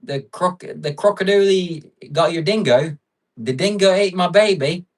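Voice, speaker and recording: A man's voice: sits high, measured pace, recorded from a distance, pitched above the performer's own voice. A man doing an exaggerated put-on Australian accent, playing a boisterous stereotyped Australian bloke. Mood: rowdy. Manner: loud exaggerated caricature.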